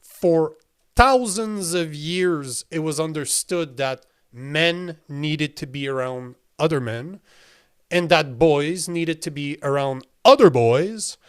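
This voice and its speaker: A man's voice: on the high side, slow, clean tone. A man hosting his own show, ranting in a heated, profane way, breaking into incredulous laughs while he reads viewer comments aloud. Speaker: podcast host. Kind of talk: livestream commentary reading chat.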